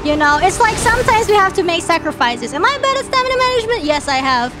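A woman with a very high voice gives unhurried, playful commentary while she plays, teasing and breaking into laughter and squeals. Her pitch swings widely, and game music plays clearly behind her on a streaming mic. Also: big pitch swings. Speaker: virtual streamer. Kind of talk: casual gameplay commentary.

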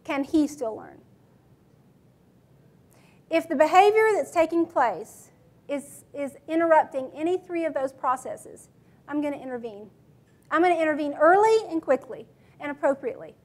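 High-voiced woman teacher leading a workshop. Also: animated, normal speed, long pauses, darkish tone. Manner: matter-of-fact, quizzes the audience. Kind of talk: classroom management workshop talk.

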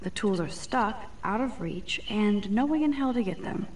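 A woman's voice: medium pitch, expressive, moderate pace, a little mellow, natural voice. A woman voicing a wry teenage girl photographer in a video game, talking in a dry, sardonic inner monologue.

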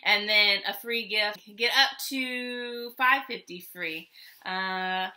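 A woman's voice: mid-range voice, slow, bright, forceful tone. A middle-aged woman hosting a casual haul vlog, chatty and rambling, laughing often as she talks. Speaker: vlog host.

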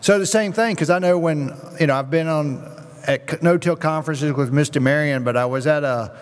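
A man's voice: a little high, brisk. A man speaking as a guest farmer on a conference panel, rambling with frequent restarts and self-corrections. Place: conference session hall. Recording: long hall reverb.

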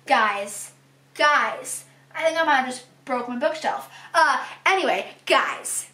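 A woman vlogger talking casually from a room at home, excitable and rambling with lots of fillers. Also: sits high, slow pace. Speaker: book and TV vlogger. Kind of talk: casual ranking vlog. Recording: echoey room.

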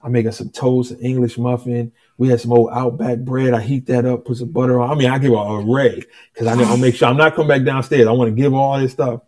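Man, guest musician, storytelling, animated, frequent restarts, everyday pitch. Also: quick pace, hardly any pauses. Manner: animated, restarts often, acts out dialogue. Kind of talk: conversational storytelling.

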